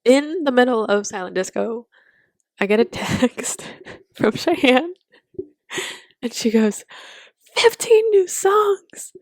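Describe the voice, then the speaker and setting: A young woman co-hosting a podcast, telling animated stories in casual chat and laughing often. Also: fairly high pitch, takes it slowly, pauses often, no echo, clean studio sound. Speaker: podcast co-host.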